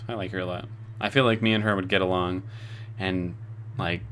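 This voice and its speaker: A man's voice: deep voice, fairly bright tone. A man streaming from home, casually chatting with his viewers in a laid-back way and swearing now and then. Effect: robotic voice filter. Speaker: streamer reading chat. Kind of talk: casual live-stream chat.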